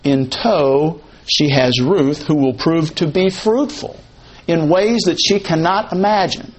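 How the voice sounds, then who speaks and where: A man's voice: fairly high pitch, slow pace, poor audio. A man teaching a Bible sermon, repeating key phrases and posing and answering his own questions. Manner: conversational, asks and answers questions. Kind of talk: expository sermon.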